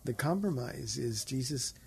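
Gravelly-voiced pastor hosting a call-in show. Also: male voice, mid-range voice, animated, unhurried, slight background noise. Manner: gentle, pastoral, takes calls. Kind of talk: radio call-in talk.

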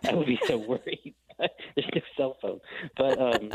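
A man's voice: medium pitch, unhurried, noisy background. A male novelist on a radio show, talking casually and chuckling at himself. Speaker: novelist guest.

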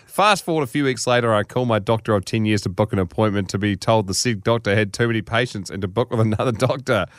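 A man's voice: fairly low pitch, quick pace, no room sound, clean studio sound. Man with blunt joking asides. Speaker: podcast co-host. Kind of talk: casual chat and story reading.

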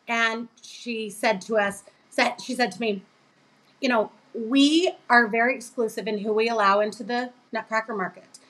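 A middle-aged woman, a guest on a podcast, telling a lively story and acting out the voices of the people in it. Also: a little high, rough recording. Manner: animated, acts out quoted voices. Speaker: guest, business co-owner.

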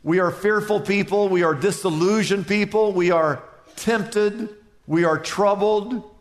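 A male pastor preaching a sermon, acting out worried voices and calming replies with dramatic swings. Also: high-pitched, unhurried. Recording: echoey hall with long reverb.

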